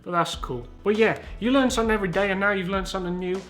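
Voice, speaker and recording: A man's voice: high-pitched, fast talker, a bit bright, soft background music. A man in his twenties with a Southern English accent, hosting a casual comedic commentary in a rambling, sweary, self-mocking way. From Southern England. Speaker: YouTuber host.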